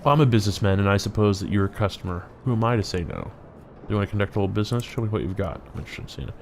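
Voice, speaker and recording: A man's voice: fairly low pitch, animated, very fast, creaky, darkish tone, slight background noise. A man voicing a boastful male magic dealer in a video game, reading the lines aloud in a chatty, bragging salesman's way. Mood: boasting.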